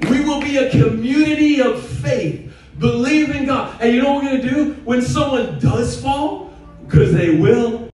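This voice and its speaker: A man preaching a sermon as pastor in a church, impassioned and at times shouting with laughter. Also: extremely high pitch, measured pace, a little hiss or hum. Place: church sanctuary. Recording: echoey hall from far off. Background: congregation responding.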